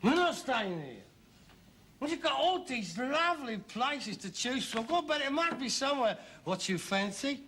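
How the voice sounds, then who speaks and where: An actor playing a sarcastic, mocking middle-aged son in a sitcom. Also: male voice, very high-pitched, very animated, normal speed, sharp tone, slight background noise, full character voice. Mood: coaxing. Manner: sarcastic, mocking, bursts into silly put-on voices. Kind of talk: sitcom acting.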